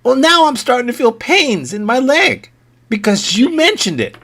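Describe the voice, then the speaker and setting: A man's voice: extremely high pitch, big pitch swings, moderate pace, a bit bright, voice pushed up, full character voice. A man playing a whiny boastful teen boy. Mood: indignant. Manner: indignant, dramatic outbursts.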